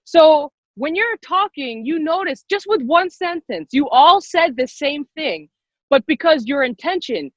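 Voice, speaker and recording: A woman leading an online public speaking workshop on a video call, lively and quick-talking, encouraging the participants. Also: high voice, no echo. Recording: dull lo-fi video call audio.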